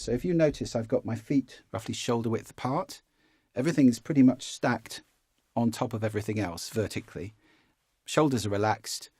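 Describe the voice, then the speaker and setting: A man, a public speaking coach giving a relaxed, conversational course lesson and demonstrating as he explains. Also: on the low side, slightly rough, no echo, clean studio sound.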